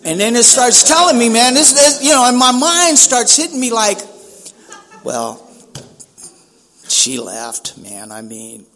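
A man's voice: very high-pitched, very animated, moderate pace, few pauses, a bit bright. A man from San Francisco giving a personal recovery talk, speaking casually with street slang, often saying "man" and acting out dialogue.

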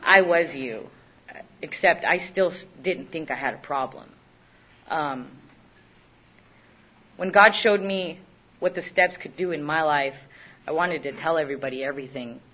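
A woman's voice: low voice, a little slow, long pauses, breathy edge. A young woman giving a candid, self-mocking personal recovery testimony, often stopping and restarting her sentences. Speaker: recovery speaker. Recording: dull lo-fi recording.

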